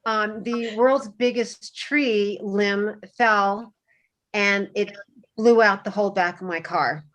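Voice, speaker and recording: A woman speaking on a video call panel, telling a personal story in a halting way with many restarts and fillers. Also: medium pitch, fairly even intonation, fairly bright tone.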